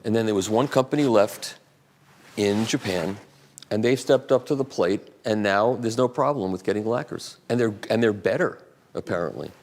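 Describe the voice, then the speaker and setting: At a radio museum event, a man in his sixties speaks as an invited guest, wandering from anecdote to anecdote with self-deprecating humor and fielding questions from the audience. He talks at a moderate pace in a fairly low, darkish voice, with slight background noise.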